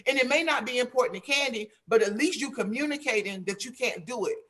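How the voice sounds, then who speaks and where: A woman's voice: a little high, fast, few pauses, fairly bright tone. Woman, panelist, emphatic, preachy, plain-spoken, video call. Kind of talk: earnest advice in an online panel.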